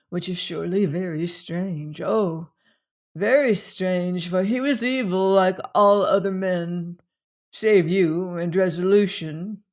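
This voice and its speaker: Feverish wounded young woman, soft weary old-timey speech, slow and hushed, a reader voicing her. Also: medium pitch. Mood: troubled.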